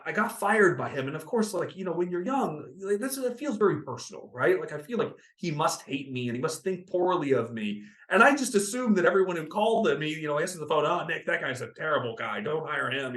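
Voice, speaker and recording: A man in his thirties, a podcast guest telling his story in an interview, animated and acting out the people he quotes. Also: on the high side. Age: 30s. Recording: roomy echo.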